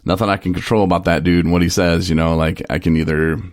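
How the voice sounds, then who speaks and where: A man's voice: low voice, steady tone, fast talker, no echo, studio quality. A man in recovery telling stories on a casual radio talk show, rambling with restarts and short laughs. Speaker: person in recovery sharing his story.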